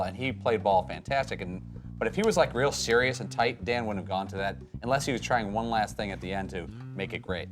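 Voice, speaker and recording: A man's voice: fairly low pitch, over music. A man chatting casually on a sports show panel, rambling along. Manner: quick, rambling.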